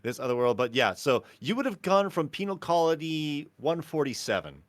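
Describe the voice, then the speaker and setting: A man narrates a tabletop game as game master in a fairly high, very animated voice. He talks casually, fills with "like" and laughs often. His voice sounds dry and close. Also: normal speed, no echo.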